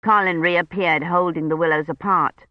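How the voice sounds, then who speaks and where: A man narrating a novel as an audiobook in a measured storytelling delivery. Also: a little high, steady tone, no echo, lo-fi sound. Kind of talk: scripted narration.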